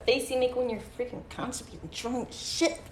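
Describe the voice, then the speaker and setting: A woman's voice: fairly high pitch, steady tone, a little fast. A woman casually vlogging a silly challenge, giggly and playful. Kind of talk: casual vlog. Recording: echoey room with some noise.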